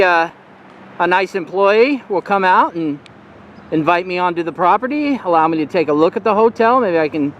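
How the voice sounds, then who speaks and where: A man's voice: high-pitched, fairly bright tone, muffled recording. Chatty man filming outside by traffic. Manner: chatty, rambling, laughs often. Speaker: YouTube auditor filming in public. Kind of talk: casual chat to camera and with an officer. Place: outdoors on a sidewalk by a road. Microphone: handheld camera mic.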